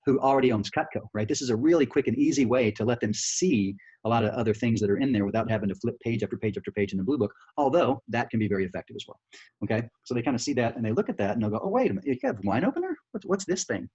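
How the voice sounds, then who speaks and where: A man giving a screen-share sales training, talking quickly and casually, with many restarts and "right?" checks, recorded over a computer mic on a video call. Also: mid-range voice, a little mellow, husky. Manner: fast, chatty, full of restarts and "right?" checks. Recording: dull lo-fi audio.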